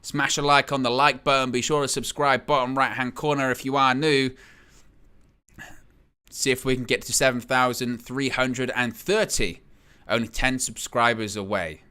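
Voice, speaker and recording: Guy doing live wrestling play-by-play, bright punchy voice, yells at big hits. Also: medium pitch, moderate pace, smooth. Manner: excitable, exclaims at big hits, reads chat aloud. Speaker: wrestling watch-along host.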